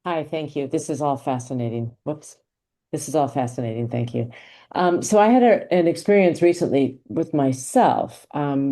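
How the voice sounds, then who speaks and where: Low-voiced woman telling a story. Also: mellow. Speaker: course participant. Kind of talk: sharing a story on a video call. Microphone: video call.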